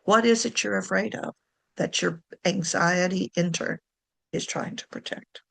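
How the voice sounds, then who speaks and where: Chatty woman with a gravelly voice. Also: lowish voice, unhurried, a bit bright. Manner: chatty, self-correcting, laughs often. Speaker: writing coach. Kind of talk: informal talk to camera.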